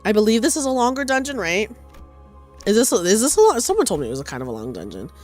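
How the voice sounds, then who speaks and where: A woman streaming a game, chatting casually with her viewers in a bubbly, excitable, giggly way. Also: medium pitch, fast talker. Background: faint game music.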